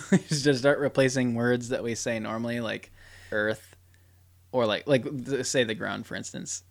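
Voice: medium pitch, fairly even intonation, normal speed, creaky. A podcast co-host chatting casually, laughing through many lines. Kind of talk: casual joking chat.

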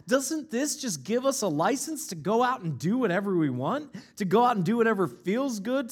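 A man's voice: sits high, slightly rough. A man preaching a sermon, stressing points with rhetorical questions and repeated lines. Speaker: pastor.

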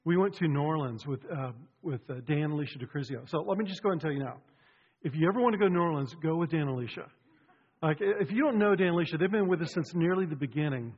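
A man speaking as a pastor, cheerful and joking, telling stories in an animated way. His slightly high voice rings through a big sanctuary with a long reverb. The sound is a bit dull and muffled. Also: very fast, slightly rough. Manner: chatty, joking, animated storytelling. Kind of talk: casual sermon opening. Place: church sanctuary.

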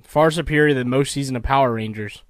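A man's voice: medium pitch, quick pace, no room sound. A man co-hosting a casual chat, answering in dry, wry short replies. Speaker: podcast co-host.

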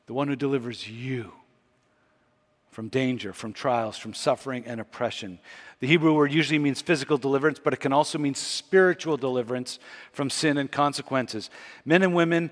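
A male pastor with a mid-range voice preaches fairly quickly, teaching closely from scripture and building toward emphatic peaks. The recording carries a long hall reverb.

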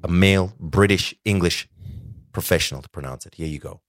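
A man with a very low, deep voice co-hosts a casual podcast. He is from Zimbabwe and talks in a playful, animated way, slipping into mock-pompous announcements. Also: fairly quick. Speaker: podcast co-host.

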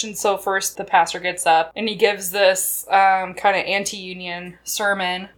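Woman, podcast co-host, casual chat, chatty, laughs often, mid-pitched voice. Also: fairly bright tone. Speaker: podcast co-host recapping a film.

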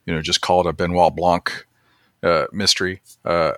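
A man's voice: sits low, little pitch movement, normal speed, a bit bright, no room sound, studio quality. A man hosting a casual podcast chat about movies, rambling with many fillers and restarts. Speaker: podcast host.

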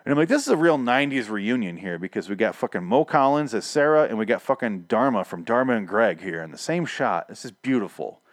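A man's voice: mid-range voice, animated, a little fast, few pauses, no echo, studio quality. A man casually recapping and reviewing a TV episode, rambling and sarcastic, swearing often and acting out the characters' lines.

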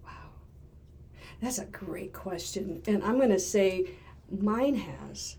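An older woman, a retired therapist, speaking as a guest in a casual interview and often pausing and repeating words as she gathers her thoughts. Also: mid-range voice, animated, vocal fry, warm tone.

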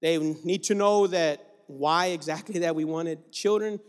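Speaking at a measured pace in a fairly high voice, this male guest preacher delivers an exhorting sermon and calls out to the congregation. The church sanctuary's size leaves a long reverb on the sound.

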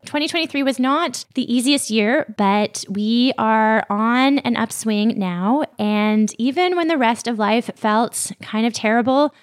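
Slow-talking teary woman podcast host. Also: a little high. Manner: heartfelt, gets teary while thanking listeners. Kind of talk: casual solo podcast talk.

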